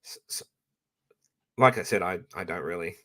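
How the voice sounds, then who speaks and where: A man's voice: sits low, moderate pace, sharp tone. An Australian man ranting casually to his live-stream audience, blunt and profane, rambling with frequent restarts.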